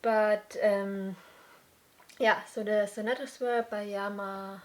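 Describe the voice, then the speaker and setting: A young adult woman hosting a casual crafts podcast, chatting in an unhurried way with many fillers and restarts, slightly out of breath at times. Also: medium pitch, steady tone, darkish tone. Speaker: podcast host. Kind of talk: casual chat.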